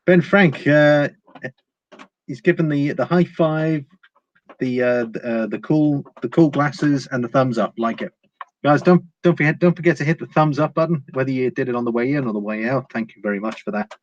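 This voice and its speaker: A man speaking at normal speed in a mid-range voice hosts a casual live stream. He reads comments from viewers aloud and replies, frequently using fillers and starting over. The audio is dull and lo-fi, carrying a faint hiss.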